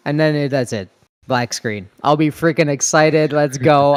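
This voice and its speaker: A man from Canada hosting a casual gaming podcast, upbeat, laughing often and firing off quick questions. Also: fairly high pitch. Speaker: podcast host.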